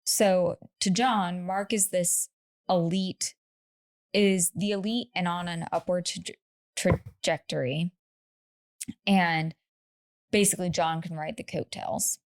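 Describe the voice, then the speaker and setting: A woman's voice: lowish voice, steady tone, slow, long pauses. A woman co-hosting a podcast, telling a true story in casual chat with laughing asides and lots of "like".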